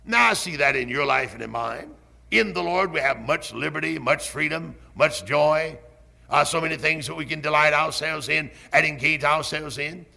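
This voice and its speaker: An older man preaches in a deliberate, emphatic sermon style. His voice is strongly gravelly with a bright, forceful edge. He swings between lifted, ringing phrases and low, quiet asides. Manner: slow emphatic preaching with rising and falling delivery.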